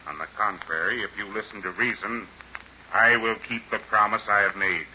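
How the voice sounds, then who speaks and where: A suave scheming villain. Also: male voice, fairly low pitch, moderate pace, pushed and bright, a little hiss or hum. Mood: coaxing menace. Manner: smooth, menacing, coaxing. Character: suave scheming male villain Ivan Shark. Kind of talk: 1930s radio drama acting. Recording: muffled old radio recording.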